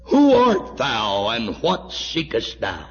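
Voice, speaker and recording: A man voicing God as a slow, booming divine voice in a sermon story, speaking in archaic words. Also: wildly swooping pitch, over music, full character voice. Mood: commanding. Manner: slow, thundering, archaic speech. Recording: dull echoey hall recording.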